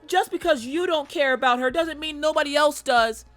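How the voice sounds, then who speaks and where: A woman voicing a hysterical lady who dotes on her dog, in a shrill, frantic way. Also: normal speed, a bit bright, faint music behind. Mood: indignant.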